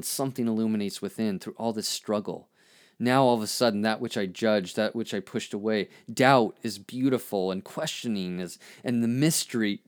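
Man, lowish voice, earnest, halting with many restarts, reflective podcast commentary. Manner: earnest and searching. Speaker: podcast host and therapist. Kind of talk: reflective commentary on his own poem.

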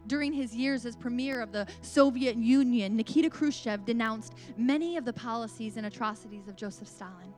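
A woman's voice: a little high, fairly quick, hardly any pauses, darkish tone, soft background music. A woman giving a devotional sermon talk, earnest and emphatic, mixing preaching with casual asides.

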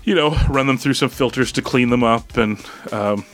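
A man's voice: mid-range voice, normal speed, fairly bright tone, faint music behind. A man co-hosting a podcast in casual chat, rambling with restarts and laughs. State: hiccups, drinking beer. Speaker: podcast co-host.

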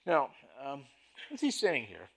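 Slow gravelly-voiced male preacher. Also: mid-range voice, wildly swooping pitch, fairly bright tone. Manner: slow, deliberate preaching with emphatic stresses. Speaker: pastor. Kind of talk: sermon.

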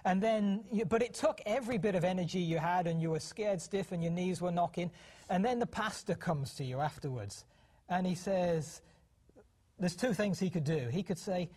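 A man's voice: high voice, lively intonation, moderate pace, darkish tone, breathy edge. A middle-aged British man co-hosting a parenting program, talking casually with many restarts and acting out quoted voices. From United Kingdom. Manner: chatty, hesitant restarts, acts out quoted voices. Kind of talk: casual television talk.

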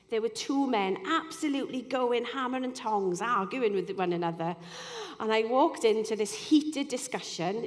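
A woman delivers a sermon in an earnest, chatty way, often pausing for a "you know." Her voice sits at an ordinary middle pitch. A long reverb trails each phrase, as in a large hall. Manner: earnest, conversational, with frequent "you know" asides. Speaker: speaker giving a devotional talk.

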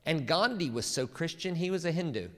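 A man reading a quote aloud from the pulpit in a put-on American Southern accent, loud and emphatic, with long hall reverb. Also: on the high side, lively intonation, fairly quick, pitched above the performer's own voice. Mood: mocking. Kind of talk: sermon.

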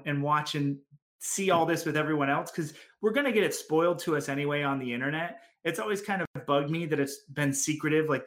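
A man's voice: on the high side, fairly bright tone. A man co-hosting a comics podcast, talking casually in long, enthusiastic rambles. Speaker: podcast co-host. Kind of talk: casual chat.

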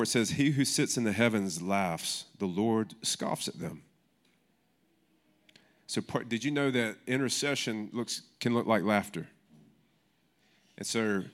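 A man preaching a sermon in church in a casual, conversational way, often restarting his sentences. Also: on the low side. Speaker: pastor.

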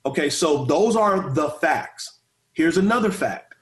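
A man's voice: a little high, expressive, measured pace. A man in his forties, a pastor and former football player, telling stories in a casual interview with energy, repeating words and stuttering a little. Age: 40s.

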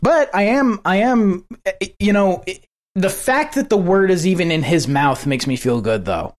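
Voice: medium pitch, lively intonation, normal speed. A podcast co-host in casual chat, often restarting and searching for words.

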